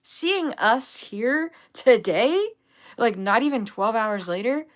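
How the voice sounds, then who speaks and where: A woman's voice: a little high, very animated, takes it slowly. A young adult woman telling a rambling, upbeat story on a casual livestream, full of fillers. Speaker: vlogger, duck owner.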